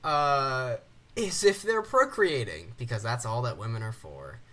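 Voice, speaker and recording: Bright, lively-voiced male podcast co-host. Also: medium pitch, measured pace. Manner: dry quips, playful jokes. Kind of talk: casual comedic chat.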